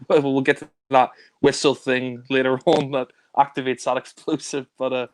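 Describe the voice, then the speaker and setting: A man's voice: medium pitch, flat delivery, normal speed, no room sound. A man casually reviewing spy films, rambling with many fillers and restarts. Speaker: film reviewer. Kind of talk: casual film discussion.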